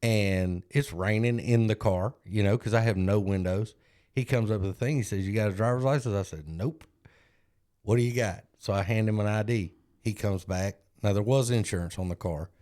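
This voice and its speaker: A man with a fairly low voice co-hosts a podcast. He tells his stories in a loose, casual way, pokes fun at himself, and slips into the voices of the people he quotes. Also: moderate pace, a little mellow. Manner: self-deprecating, acts out other people's lines. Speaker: podcast co-host. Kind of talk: casual storytelling.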